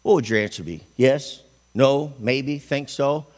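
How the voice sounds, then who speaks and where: A man's voice: medium pitch, unhurried, darkish tone. A man preaching a folksy, emphatic sermon in a church, asking the congregation questions.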